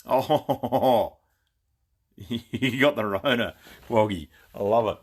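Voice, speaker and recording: An Australian man runs a casual live stream from his gun shop, laid-back and rambling, greeting viewers by name with lots of fillers. Tired after a long day, he speaks slowly in a husky, medium-pitched voice against a noisy background.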